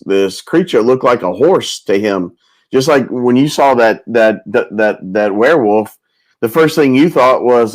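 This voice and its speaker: A man of middle pitch hosts a round table discussion. He retells a long story casually and loosely, often stumbling into restarts and repeating words as he goes. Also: rough recording. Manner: rambling, with many restarts and repetitions.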